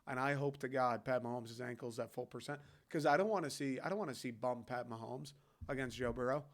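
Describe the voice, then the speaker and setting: A man hosting a casual sports podcast, talking in a loose, heated rant full of swearing. His voice sits at an everyday middle pitch. He keeps it conversational and chummy, as if talking to a buddy. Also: brisk. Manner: profane, fired-up rant; loose and conversational, talks to the listener as "dude". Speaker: podcast host.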